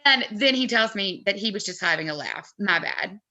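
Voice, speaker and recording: Very bright-voiced woman telling a story. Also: mid-range voice, normal speed. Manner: animated, chatty anecdote telling. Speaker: co-host of a fan merch live chat. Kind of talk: casual storytelling chat.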